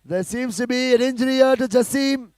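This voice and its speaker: A man giving live play-by-play commentary on a football match, calling passes quickly and rising to shouts at goals. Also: extremely high pitch, no room sound, clean studio sound.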